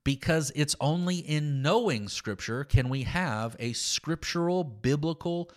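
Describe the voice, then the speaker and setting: A man's voice: on the high side, unhurried. A man giving a conversational Bible teaching, emphatic and informal. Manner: emphatic, informal, lively intonation. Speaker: Christian teacher.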